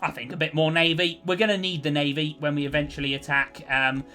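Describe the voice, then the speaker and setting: A man's voice: on the high side, steady tone, fast talker, bright, forceful tone, soft background music. A man giving cheerful, chatty commentary over his own strategy gameplay, thinking aloud as he plays. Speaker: let's play host.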